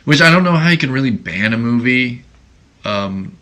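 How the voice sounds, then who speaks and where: A man's voice: medium pitch, lively intonation, normal speed, bright, forceful tone. A man hosting a podcast in casual chat, teasing his co-host with joking banter.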